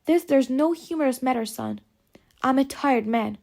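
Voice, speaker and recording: Tired hoarse country guy in his fifties, slow drawl, pretty high voice, read by a woman. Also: darkish tone. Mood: weary.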